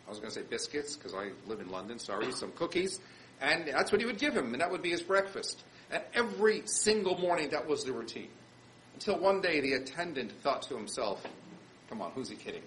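Brief: male rabbi, lively storytelling sermon, bright tone, faint background noise. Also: on the high side, low-quality recording. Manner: animated storyteller, acts out quotes.

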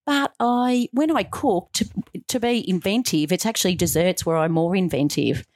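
A middle-aged woman, chatting as a radio guest in a dry studio. Her voice sits fairly low and takes on different voices as she tells her story. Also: normal speed, no room sound. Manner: animated storyteller, acting out quotes. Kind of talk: casual interview chat.

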